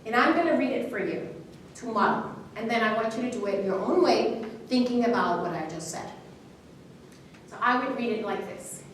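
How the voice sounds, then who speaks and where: A woman teaching public speaking at a live seminar, coaching a student and modeling an expressive reading with pauses and emphasis. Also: fairly high pitch. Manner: encouraging, expressive, demonstrates dramatic reading. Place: university hall seminar. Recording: very echoey hall from far off, faint noise.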